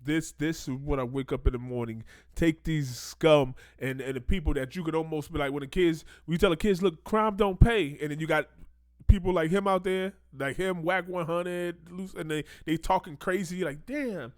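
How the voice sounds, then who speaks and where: A man hosting a casual commentary show, reacting in animated slang and breaking into mocking quoted voices. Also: fairly high pitch, moderate pace, no room sound, clean studio sound.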